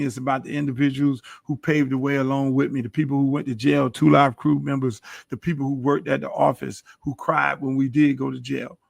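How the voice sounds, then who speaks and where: A man's voice: medium pitch, gravelly, fairly bright tone, no room sound, clean studio sound. A middle-aged man hosting his own podcast, delivering a boastful, preachy monologue full of swearing. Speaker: podcast host. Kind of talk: profane monologue.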